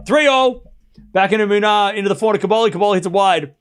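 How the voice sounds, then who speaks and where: Excitable man calling tennis. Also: sits high, rapid-fire, clean tone. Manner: excitable play-by-play, chatty, laughs often. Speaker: streamer host. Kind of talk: live watchalong commentary.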